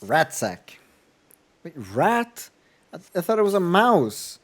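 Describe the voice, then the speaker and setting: A man's voice: sits high, big pitch swings, slow pace. A man streaming a game playthrough, chatting casually, swearing freely and breaking into silly bird-like squeals.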